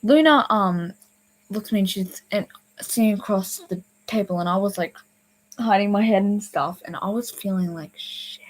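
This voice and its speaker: A woman's voice: medium pitch, normal speed, slight background noise, rough recording. A young adult woman telling a personal story in a casual, rambling way, full of fillers, restarts and sudden whispers. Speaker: storyteller vlogger.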